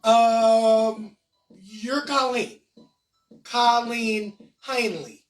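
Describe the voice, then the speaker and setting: A man's voice: extremely high pitch, fairly even intonation, drawn-out words, exaggerated voice. A man voicing a prim, polite receptionist who sounds hesitant and overly courteous, in a live comedy stream. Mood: fake polite. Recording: echoey room, far mic, faint music.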